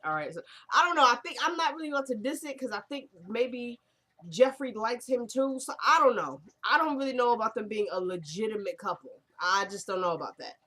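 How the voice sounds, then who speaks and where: A woman's voice: a little high, fairly quick. Chatty woman recapping a TV episode. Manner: chatty, retells scenes line by line; lively, laughing asides.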